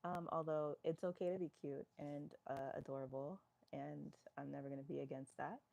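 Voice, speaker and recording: A woman's voice: low voice, fairly even intonation, normal speed, vocal fry, warm tone. A woman from New York, a fitness live-stream host, chatting casually as she reads viewer comments aloud and answers them.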